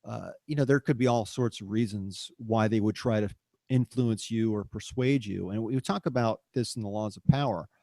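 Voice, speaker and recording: Man musing aloud in halting phrases. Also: on the low side, mellow, no echo, studio quality. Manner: halting, restarts words while thinking aloud. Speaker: podcast co-host. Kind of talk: reflective casual chat.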